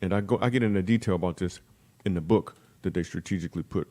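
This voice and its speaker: Middle-aged male comedian, fast-paced storyteller, lowish voice, acts out quoted voices. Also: dark tone. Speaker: guest comedian. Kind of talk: storytelling in a podcast interview.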